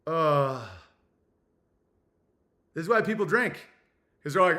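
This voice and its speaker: A young man hosts his own livestream, rambling crudely as he thinks out loud and reads viewer messages. His voice sits a little high for a man, with a sharp, bright edge to it. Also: expressive, slow pace. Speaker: livestream host reading super chats. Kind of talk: casual livestream rant.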